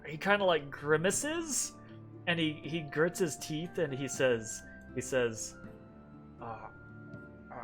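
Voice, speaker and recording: A man narrating a tabletop game as game master, halting and full of fillers. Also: a little high, expressive, over music. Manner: halting, many fillers and restarts.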